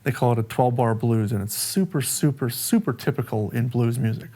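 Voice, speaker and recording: A man giving a casual music lesson, explaining song form in a relaxed, conversational way and counting bars aloud. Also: medium pitch, fairly quick. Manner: counts bars aloud over a playing track. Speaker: music teacher. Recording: music playing behind the voice.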